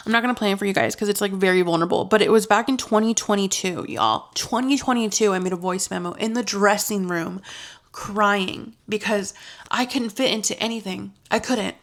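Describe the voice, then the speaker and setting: A woman's voice: mid-range voice, fairly bright tone. A young woman vlogging to camera in a casual, confessional way. She is chatty and earnest, and now and then gets emotional and laughs it off. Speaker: lifestyle vlogger.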